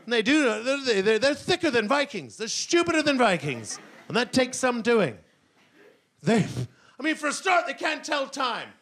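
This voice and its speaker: A middle-aged man doing stand-up comedy on stage, rambling and self-mocking, now and then bursting into shouted voices. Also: very high-pitched, big pitch swings, moderate pace. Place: comedy stage before a laughing audience.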